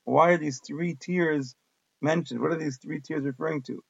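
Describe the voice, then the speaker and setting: Gravelly man teaching Talmud. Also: on the high side, steady tone, normal speed, no echo, dull audio. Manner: reads Aramaic text then translates in casual English. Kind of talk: daf yomi Talmud lesson.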